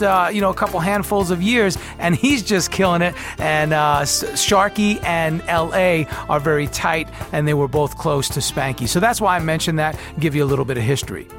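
A man hosting a podcast, giving background in a relaxed, conversational way with informal slang. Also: sits high. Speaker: podcast host. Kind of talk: solo explanatory narration.

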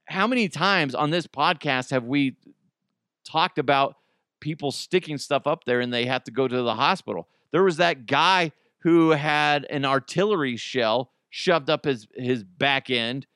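A man in his forties hosting a casual solo podcast, excitable and laughing often. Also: mid-range voice, measured pace, smooth, no room sound, clean studio sound. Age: 40s. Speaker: podcast host.

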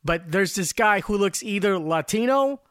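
A man's voice: high voice, expressive, normal speed, a bit bright, clean tone, dry recording, studio quality. A man hosting a podcast, talking through commentary in a casual, rambling way, often repeating words as he starts. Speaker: podcast host.

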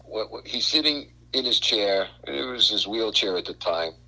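An older man from Brooklyn, a guest on a radio talk show, telling animated stories and stumbling over repeated words. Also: lowish voice, normal speed, poor audio. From Brooklyn, New York. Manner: animated storyteller, repeats words, acts out quotes. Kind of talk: casual radio chat.

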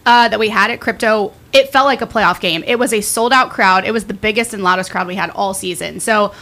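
A woman's voice: mid-range voice, brisk, pushed and bright. A woman who hosts for a hockey team, talking in an upbeat, eager way as a podcast guest. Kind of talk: casual sports talk.

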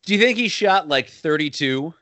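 A man co-hosts a casual chat about a film, his voice lively and leaping in pitch. He laughs often and breaks into shouted bits. The sound is dry and close. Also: normal speed, no echo. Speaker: podcast co-host.

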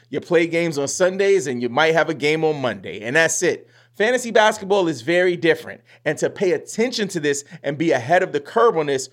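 Chatty man with a higher voice. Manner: chatty, slangy, acts out listeners' reactions. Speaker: fantasy basketball podcast host. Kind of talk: casual podcast advice.

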